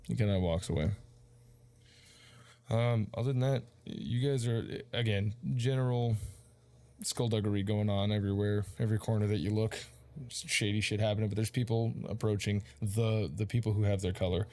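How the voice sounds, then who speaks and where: A man's voice: on the low side, steady tone, normal speed, warm tone. A man narrating a tabletop game as game master, casual and rambling with lots of fillers.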